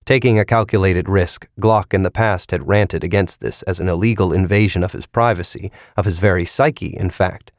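A man with a low voice reads a novel in measured, even narration. The recording is dry and close, with no room sound. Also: no echo. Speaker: audiobook narrator. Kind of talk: scripted narration.

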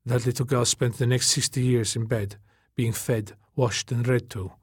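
A man voicing a soft-spoken, husky, wry woman in an audiobook, talking gently and steadily. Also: medium pitch, steady tone, normal speed, no room sound, studio quality, natural voice. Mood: somber.

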